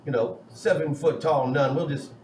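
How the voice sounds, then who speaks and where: A man's voice: on the high side, steady tone, moderate pace. A man playing a tabletop game in character, talking in a drawling cowboy manner. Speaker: tabletop player. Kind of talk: in-character role-play. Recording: roomy, distant mic, noisy.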